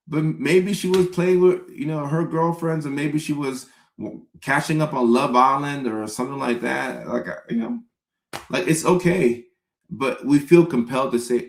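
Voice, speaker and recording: A young adult man, a comedian, riffing in a comedic rant with animated storytelling and mock-pleading impressions. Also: mid-range voice, normal speed, vocal fry. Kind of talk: comedic live-stream rant. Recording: roomy echo.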